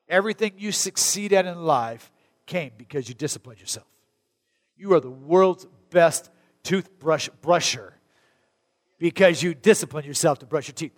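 A middle-aged male pastor from Arizona delivers a sermon in a chatty, animated way, jumping into loud, high bursts of emphasis. His voice sits a little high for a man. The sound carries the long reverb of a large hall. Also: moderate pace. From Arizona, USA.

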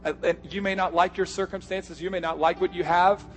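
A man preaches with a slightly raised pitch, driving hard on key lines before pulling back into soft, intimate asides. Faint music sits underneath his sermon. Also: fairly even intonation, a little fast. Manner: emphatic preaching, swinging from loud punches to hushed asides. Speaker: pastor.

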